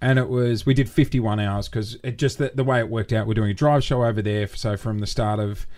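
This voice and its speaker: A man's voice: fairly low pitch, brisk. A man in his thirties co-hosting a casual podcast, telling a funny anecdote and swearing freely. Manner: animated anecdote-teller who swears freely. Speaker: podcast co-host. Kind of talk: casual chat, comic storytelling.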